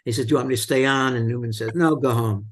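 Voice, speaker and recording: A man's voice: medium pitch, fast, a little hiss or hum. Man casually retelling film scenes. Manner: retells scenes with many fillers and restarts. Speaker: film discussion host.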